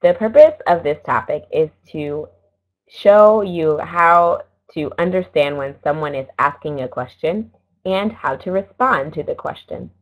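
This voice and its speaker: Low-voiced woman teaching English. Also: animated. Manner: slow, careful explaining with small self-corrections. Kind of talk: online English lesson. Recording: dull lo-fi recording.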